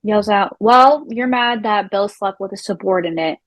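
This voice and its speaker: A young woman co-hosting a casual TV recap, animated and swearing casually as she retells the drama. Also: mid-range voice, moderate pace, no room sound, low-quality recording. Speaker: recap show co-host.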